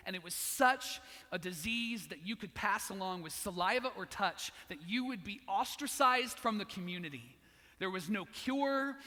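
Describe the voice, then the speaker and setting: A man's voice: high-pitched, pushed and bright, in a large hall. A man preaching a sermon as pastor, telling a story and acting out its voices.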